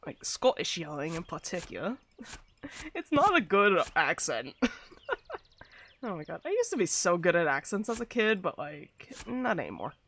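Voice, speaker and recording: Lively, chatty gaming streamer. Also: mid-range voice, moderate pace, a little hiss or hum. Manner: chatty and rambling, laughs often. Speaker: VTuber streamer. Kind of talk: casual gaming stream chat.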